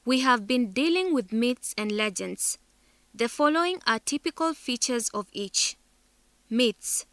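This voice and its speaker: A woman reads a scripted lesson at an unhurried pace, her voice bright and a little higher than most. She carefully spells out syllables and example words, and the recording is dry and close. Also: animated, dry recording. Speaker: teacher narrator.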